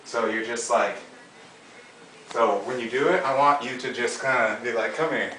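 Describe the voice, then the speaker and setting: A man's voice: medium pitch, normal speed, roomy sound, recorded from a distance, a little hiss or hum, poor audio. A man coaching a trainee, acting out lines and laughing as he demonstrates. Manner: animated, demonstrative, laughs often. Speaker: dating coach.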